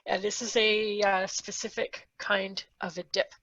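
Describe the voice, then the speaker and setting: A woman's voice: medium pitch, flat delivery, measured pace, a bit bright, dry recording, muffled recording. A woman podcast co-host talking through a diagram in casual chat. She thinks aloud with many ums and acts out quoted thoughts.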